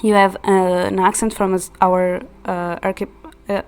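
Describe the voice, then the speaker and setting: With a medium pitch, a level, clean tone and a measured pace, a native Portuguese-speaking woman from central Portugal chats in English while gaming on her stream. Her Portuguese accent comes through as she explains things with lots of restarts and fillers, and soft background music plays throughout.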